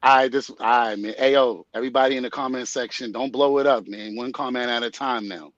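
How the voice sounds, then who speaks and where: A man's voice: mid-range voice, fairly even intonation, brisk, fairly bright tone, no room sound, lo-fi sound. A man who is a guest on a live panel talk, asking playful, teasing questions.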